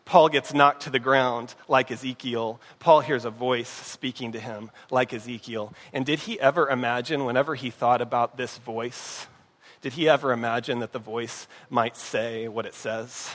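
A man preaching a sermon in a conversational way, often dropping to a hushed voice and asking the congregation if they are following. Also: mid-range voice, fairly even intonation, normal speed. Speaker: pastor. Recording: long hall reverb.

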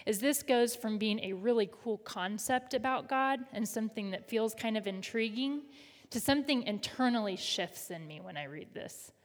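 A woman pastor preaching a sermon in a conversational way, leading the congregation in call and response. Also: mid-range voice. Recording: reverberant hall.

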